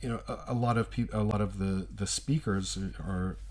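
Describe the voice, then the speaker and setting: Low guy from texas on a radio chat, kinda stumbly, repeats words. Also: fairly even intonation, normal speed, a little mellow. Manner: chatty, repeats words when starting, hesitant restarts. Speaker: radio co-host.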